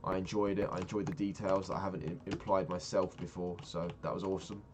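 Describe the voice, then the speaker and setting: A man's voice: sits low, flat delivery, quick pace, slight background noise. A young man chatting casually and rambling, swearing freely as he tells a story while playing a game. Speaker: vlogger. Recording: keyboard clicks and typing behind. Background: keyboard clicks.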